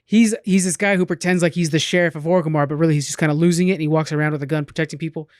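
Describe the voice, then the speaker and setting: A man hosting a podcast in casual chat, quick and chatty, often repeating words. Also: a little high, fairly even intonation, no room sound, clean studio sound. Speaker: podcast host. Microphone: podcast microphone.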